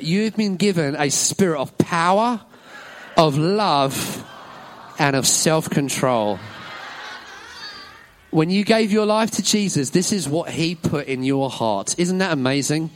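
A man's voice: fairly high pitch, animated, unhurried, slight background noise. A man leading a children's talk in a church service, upbeat and encouraging, praising every answer. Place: church hall with an audience.

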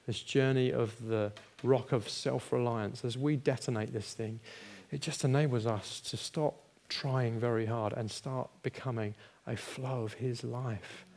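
A man's voice: medium pitch, darkish tone. A middle-aged man preaching a sermon, telling personal stories and acting out the voices in them with self-mocking humour. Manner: storytelling, acts out quoted dialogue, laughs at himself. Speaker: pastor.

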